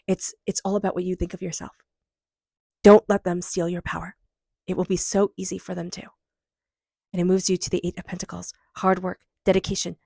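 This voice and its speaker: A woman's voice: on the low side, a little mellow, no echo, studio quality. Emotional, earnest woman reading tarot. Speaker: tarot reader.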